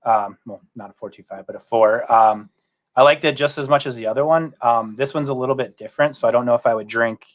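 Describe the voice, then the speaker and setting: A man's voice: medium pitch, quick pace. A man, a guest photographer, explaining his work in an easygoing, step-by-step way. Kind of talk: casual chat.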